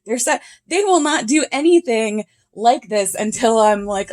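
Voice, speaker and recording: A woman's voice: on the high side, moderate pace, hardly any pauses, a little mellow, dry recording. A woman vlogger at home, chatting casually and reading quotes aloud, laughing often as she comments. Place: home with cats and dogs.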